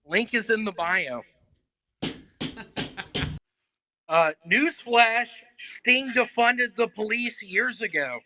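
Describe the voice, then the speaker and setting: A man doing a stand-up set, delivering deadpan one-liners with hesitant fillers between jokes. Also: high-pitched, poor audio. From Memphis, Tennessee. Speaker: stand-up comedian.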